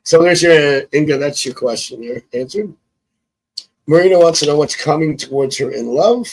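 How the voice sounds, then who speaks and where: Slightly high-voiced male tarot reader on a casual phone live stream, chatty and prone to chuckles. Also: normal speed, darkish tone, low-quality recording. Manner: chatty, thinks aloud, chuckles often.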